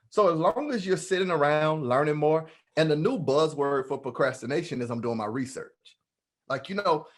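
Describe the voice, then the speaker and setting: A man speaking as a guest at an online meetup, giving a playful, preacher-like motivational talk. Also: mid-range voice. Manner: animated, playful, preacher-like delivery. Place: online meeting.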